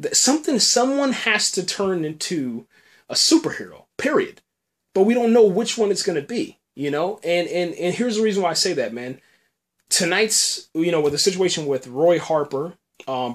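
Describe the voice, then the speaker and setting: A man hosting a podcast, excitedly recapping a TV episode in a casual, rambling way that is full of fillers. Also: medium pitch. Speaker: podcast host.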